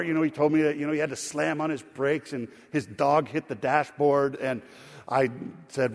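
A middle-aged man preaching a sermon, telling a folksy story with laughter in an animated way. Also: a little high, moderate pace. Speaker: pastor. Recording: sanctuary reverb.

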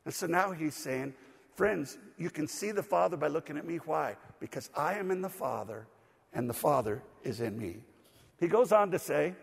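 A man's voice: on the high side, expressive, normal speed, creaky, breathy edge. A man preaching a sermon in a church, getting over a cold, leading his congregation in call-and-response. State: recovering from a cold. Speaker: pastor. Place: church sanctuary. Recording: long hall reverb.

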